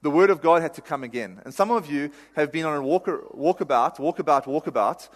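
A man's voice: fairly high pitch, lively intonation, fast. A male pastor giving a sermon in a conversational, self-deprecating way, laughing at himself now and then. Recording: reverberant hall.

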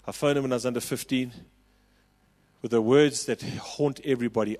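A South African man in his forties preaching a sermon, telling a personal story with passion and rising to loud calls. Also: medium pitch, steady tone, a little fast, long reverb tail. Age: 40s. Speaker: pastor.

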